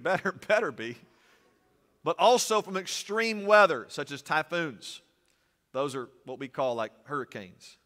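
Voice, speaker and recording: A male pastor delivers an animated sermon, mixing jokes with earnest points and moving from loud to hushed. His voice is bright and forceful. It rings with the long reverb of a church sanctuary. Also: a little high. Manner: animated preaching with humorous asides, swings from loud to soft.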